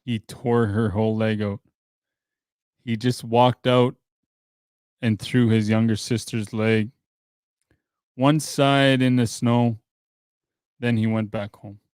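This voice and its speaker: A man hosting a podcast, reading a translated traditional story aloud in a plain, steady way, with dry offhand asides. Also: medium pitch, slow, pauses often, smooth, no room sound. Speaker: podcast host.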